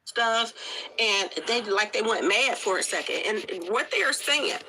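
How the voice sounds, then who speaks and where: A woman's voice: on the high side, animated, a little slow, sharp tone, slight background noise, low-quality recording. A woman giving casual, informal commentary straight to her viewers.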